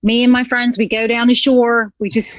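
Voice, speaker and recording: A woman in her fifties, a guest on a podcast, chatting casually in a warm, self-deprecating way. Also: a little high, flat delivery, moderate pace, dry recording, highs cut off. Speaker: guest comedian. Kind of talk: casual chat.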